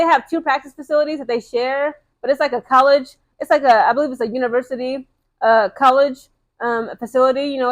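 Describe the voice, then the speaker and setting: Fast, excited woman basketball vlogger. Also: sits high. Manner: excited, chatty, full of fillers and slang. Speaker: sports vlogger. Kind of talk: casual chat to camera.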